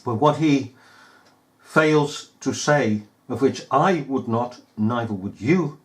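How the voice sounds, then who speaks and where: A man's voice: medium pitch, expressive, slow. A man giving scornful, emphatic commentary over news footage, full of rhetorical questions. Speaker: video commentator.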